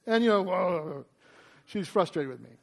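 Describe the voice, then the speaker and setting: A man preaching a sermon, telling a story with animated energy and then teaching through scripture passages. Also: high voice, vocal fry. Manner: quotes scripture, quick asides. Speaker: pastor.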